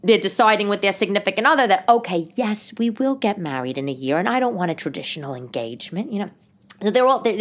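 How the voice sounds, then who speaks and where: A woman, telling comic stories in a loose, chatty monologue full of asides. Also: on the low side. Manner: chatty, animated, many restarts and asides. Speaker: podcast host, stand-up comedian. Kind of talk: casual comedic monologue.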